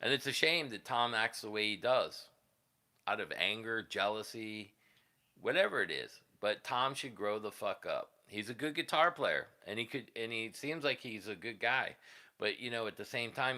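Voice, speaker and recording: A man's voice: on the low side, bright, forceful tone. A man hosting a casual livestream, telling rambling, profane stories from his years as a musician and laughing at them. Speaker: livestream host, guitarist.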